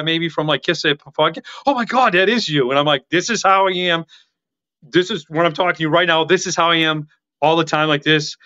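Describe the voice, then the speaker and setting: A man talking as a podcast guest in casual chat, excitable and rambling, with a loud voice that carries. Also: on the high side, smooth, dull audio.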